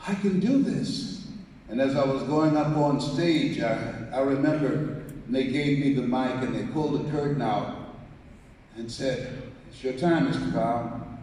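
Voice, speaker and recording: Slow, booming motivational speaker in an echoey hall. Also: male voice, a little mellow, slight background noise. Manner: storytelling, acts out dialogue, calls on audience to repeat. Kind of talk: live motivational speech. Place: large hall with audience. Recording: echoey hall, mic from far off.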